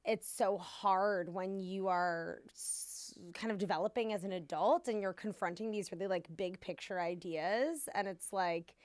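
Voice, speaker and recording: A woman hosts a podcast in easy, casual conversation. She talks sincerely and chattily, leaning on "like" as she thinks aloud. Her voice sits at an average pitch and is recorded close and dry. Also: unhurried, few pauses, a little mellow, no room sound. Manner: chatty, sincere, uses many "like" fillers. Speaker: podcast host. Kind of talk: casual chat.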